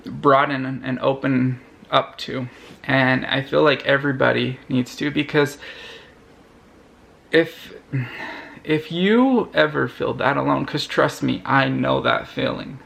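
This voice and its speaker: Gravelly young man, halting and earnest. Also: medium pitch, fairly bright tone. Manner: halting and earnest, restarts his sentences. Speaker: vlogger. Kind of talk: personal storytelling to camera.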